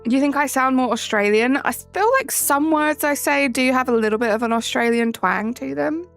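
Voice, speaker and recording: Faint background music plays as a young English woman streams live, cheerfully greeting chatters by name, her sentences lifting upward at the end. She has a high voice and talks at a moderate pace.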